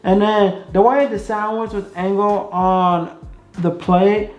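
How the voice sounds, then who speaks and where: A woman's voice: mid-range voice, fairly even intonation, slow pace, darkish tone. A young woman vlogger telling a casual story, chatty and repetitive with many fillers. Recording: echoey room, dull sound, faint music.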